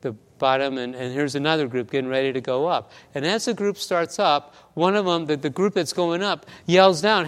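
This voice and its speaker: Male pastor preaching, keeps stumbling on "and, and", smooth clear voice, big echoey church. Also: fairly high pitch, steady tone, normal speed, hardly any pauses. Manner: storytelling with many restarts and stammers. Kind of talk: sermon.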